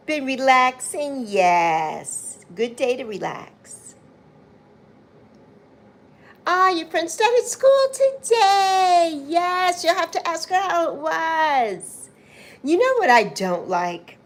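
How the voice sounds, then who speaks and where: Slow-paced woman hosting a chatty livestream. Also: sits high, very animated. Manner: warm, chatty, calls viewers "my love" and "honey". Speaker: livestream host. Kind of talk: casual livestream chat, greeting viewers.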